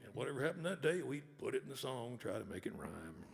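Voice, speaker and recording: A man's voice: medium pitch, sing-song, fast talker, vocal fry, voice pushed up. A man doing the voice of an old cowboy in a live storytelling set, talking in a drawl with rural grammar. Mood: folksy. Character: folksy old male cowboy in traction. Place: live concert hall. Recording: long hall reverb with guitar.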